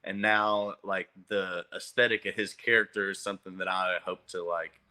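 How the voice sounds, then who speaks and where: A man's voice: sits low, little pitch movement, moderate pace, pushed and bright. A young man talking as a podcast guest in casual chat, hesitant, with lots of fillers and restarts.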